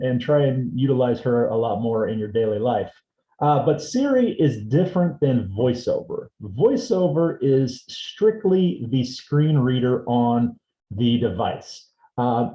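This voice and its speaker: A man leads an instructional demonstration at a seminar and talks through each step in an easygoing way. His voice is mellow and warm, with a roomy echo around it from an indoor room. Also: mid-range voice. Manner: relaxed, explains step by step. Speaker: assistive technology instructor.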